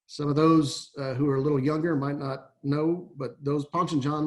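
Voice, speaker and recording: A man's voice: medium pitch, darkish tone. A middle-aged man from Texas, an athletic director giving a folksy, rambling webinar talk over a video call, full of fillers and restarts. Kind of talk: webinar presentation.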